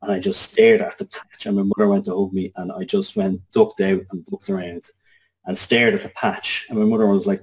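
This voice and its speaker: A man's voice: deep voice, expressive, darkish tone. An Irish man in his thirties, a guest telling a personal story with many restarts. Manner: halting, many restarts and fillers. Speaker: interview guest.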